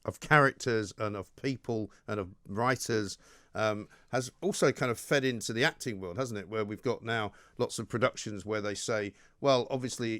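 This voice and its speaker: A man hosting a talk radio show, asking questions in a conversational way with halting restarts. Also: on the low side, a bit bright, no echo, clean studio sound. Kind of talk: studio interview on talk radio.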